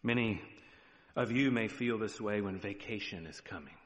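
Low-voiced male pastor preaching in a reverberant church. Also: normal speed. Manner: lively preaching with rising emphasis and frequent "right?" check-ins. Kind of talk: sermon.

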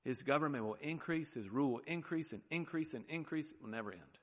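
A man with an American accent, a pastor preaching a sermon with emphatic swings between loud declarations and hushed low phrases, often asking "right?". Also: quick pace. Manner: asks the congregation "right?" often. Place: church sanctuary. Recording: long church reverb.

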